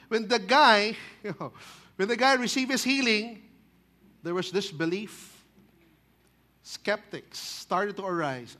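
Man, Filipino accent, lively sermon, high bright voice, code-switching. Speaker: pastor.

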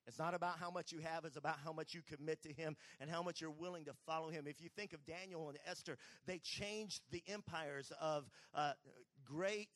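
A man's voice: on the high side, steady tone, moderate pace, fairly bright tone. A man delivers a sermon in a slightly raised voice, retelling Bible stories and acting out the characters as he goes. The sound is dry and close, with no room echo. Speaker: preacher.

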